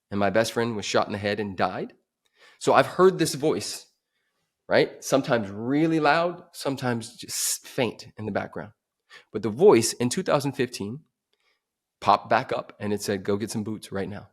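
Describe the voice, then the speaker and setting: A man on a podcast telling a dramatic personal story, swinging from emphatic to hushed. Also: medium pitch. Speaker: podcast guest.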